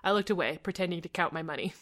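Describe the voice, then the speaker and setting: A woman's voice: lowish voice, racing, fairly bright tone. A woman co-hosting a comedy podcast, reading a story aloud in a dry tone and cracking up at the text. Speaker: podcast co-host reading fan fiction.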